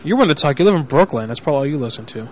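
A man talking casually and crudely as a show host, teasing and mock-indignant in quick bursts. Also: a little high, lively intonation, very noisy. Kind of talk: casual crude talk with prank calls.

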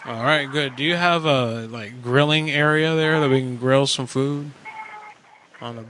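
A man's voice: medium pitch, unhurried, fairly bright tone, a little hiss or hum, lightly acted. A man playing an American prank caller who openly preaches hate, talking bluntly and casually offensive on a phone call. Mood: deadpan provocative.

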